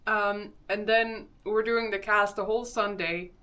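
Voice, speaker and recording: Slow-talking Swedish-accented woman streamer. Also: mid-range voice, steady tone, bright, forceful tone. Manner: chatty, greets chat viewers, laughs often. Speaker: live streamer. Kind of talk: casual live-stream chat.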